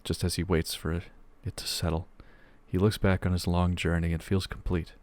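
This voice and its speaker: A man's voice: sits low, flat delivery, normal speed. A young man co-hosting a podcast, reading a long joke aloud in casual chat, laughing as he goes and swearing casually. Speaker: podcast co-host.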